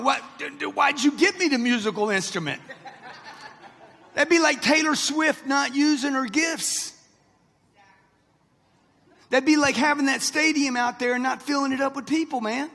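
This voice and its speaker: A man in his sixties speaks straight at a live crowd in a large hall, delivering a brash, punchy motivational speech. His voice is very high-pitched and a bit bright, a little slow, with long pauses. Long hall reverb colors the recording.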